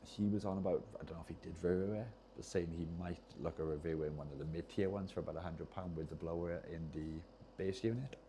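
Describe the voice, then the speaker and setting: Soldering at his workbench during a casual livestream, a streamer who repairs controllers rambles in a relaxed way, losing his train of thought and restarting. His very low voice is soft and mellow, and he talks fast over a faint background hiss.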